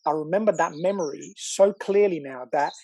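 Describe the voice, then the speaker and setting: A man, a podcast guest telling a personal story in casual chat, animated, swearing now and then and acting out what people said. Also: fairly high pitch, moderate pace, creaky, no echo. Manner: animated, excitable, swears, acts out quotes.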